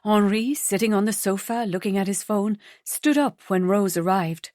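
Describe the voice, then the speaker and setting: A woman narrating an audiobook in a measured, even scripted reading. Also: mid-range voice, no room sound, clean studio sound.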